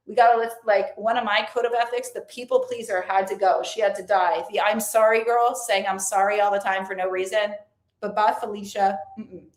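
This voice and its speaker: Woman vlogger, earnest and chatty, talking to camera in an echoey room. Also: mid-range voice. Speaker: lifestyle and faith vlogger. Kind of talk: casual motivational talk to camera.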